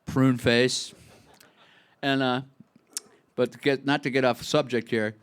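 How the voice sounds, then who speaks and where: A man's voice: mid-range voice, little pitch movement, slow, smooth. A man in his sixties from Buffalo, a singer-songwriter telling a rambling, chatty story on stage at a live music club. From Buffalo, New York. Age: 60s. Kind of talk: onstage storytelling between songs.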